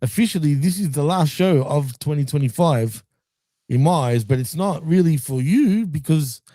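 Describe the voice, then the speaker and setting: A man's voice: fairly high pitch, lively intonation, moderate pace, dark tone, dry recording. A man with an Australian accent co-hosting a wrestling review, easygoing, often laughing, swearing casually. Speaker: co-host.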